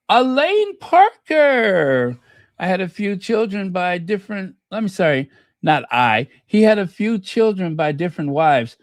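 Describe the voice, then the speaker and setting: Give me a hesitant, slow-talking male livestream host. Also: sits high, dry recording, studio quality. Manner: rambling, hesitant, many fillers, reads viewer comments aloud. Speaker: channel host. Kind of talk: casual livestream chat.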